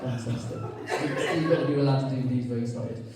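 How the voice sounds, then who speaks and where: A man preaching a sermon in a lively, chatty way, joking with his congregation. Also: medium pitch, a little fast, over a noisy crowd. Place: church hall. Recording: echoey church from far off.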